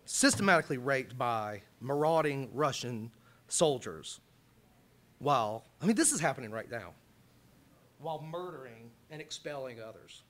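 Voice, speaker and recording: Male college lecturer from Alabama, impassioned public talk, bright, forceful voice. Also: expressive, moderate pace. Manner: impassioned, rising loud and high when reading quotes.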